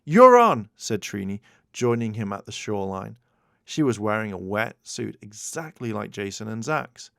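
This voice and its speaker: A man's voice: on the low side, moderate pace, creaky, no echo. A man narrating a children's storybook as an audiobook, reading expressively into a close mic. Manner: expressive read-aloud narration.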